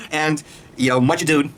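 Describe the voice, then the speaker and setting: Man, mid-pitch voice, amped-up profane rant, faint hiss underneath. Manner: excitable, profane, rapid-fire ranting. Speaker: video reviewer. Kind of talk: casual rant.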